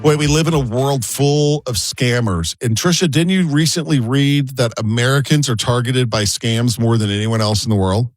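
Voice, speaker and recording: A man's voice: mid-range voice, moderate pace, few pauses, no echo. A man co-hosting a morning radio show, telling a story with lots of drama and acting out the people in it. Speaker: radio co-host. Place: radio studio.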